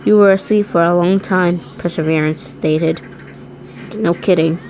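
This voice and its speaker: A woman's voice: fairly low pitch, steady tone, unhurried, darkish tone, low-quality recording. A woman reading fan fiction aloud, often stumbling over words and restarting lines. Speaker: reader.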